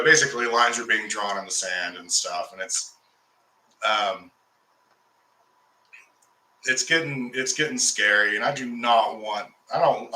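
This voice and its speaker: An occultist host tells his viewers a long, rambling story in a casual talk, restarting often and growing heated as he recounts a fight. His mid-range voice has a sharp tone, with roomy sound and poor audio quality.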